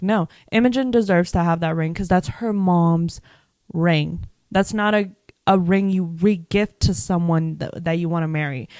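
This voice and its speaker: A woman's voice: medium pitch, dry recording. Chatty young woman, dry close sound. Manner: chatty and emphatic, heavy use of "like" and swearing. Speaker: vlogger reviewing a TV series. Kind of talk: casual reaction chat.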